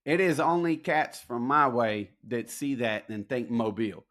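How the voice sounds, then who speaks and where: A man from spins a long story as a podcast guest, full of slang and swearing. He keeps slipping into the other people's lines as he tells it, in a voice of ordinary middle pitch. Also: measured pace. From Alabama, USA. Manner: slangy, profane, animated storyteller acting out quoted dialogue. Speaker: podcast guest, military veteran. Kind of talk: casual storytelling in a podcast interview.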